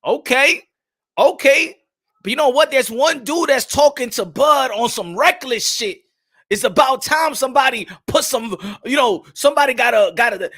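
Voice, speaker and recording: A young man hosting a lively live-streamed boxing morning show, hyped and shouty, with street slang and Spanish phrases. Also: very high-pitched.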